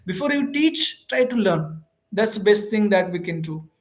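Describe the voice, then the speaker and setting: A man with an Indian accent hosting a casual livestream, reading viewer comments aloud and talking to viewers informally in halting speech full of fillers and restarts. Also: high voice, expressive. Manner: hesitant, many fillers and restarts; informal, calls viewers bro and ma'am. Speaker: host of an English practice livestream.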